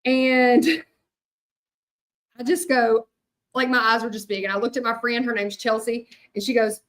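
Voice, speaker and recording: A woman's voice: on the high side, moderate pace, a bit bright. A woman chatting casually to viewers while she hand-letters a sign, full of fillers and "y'all".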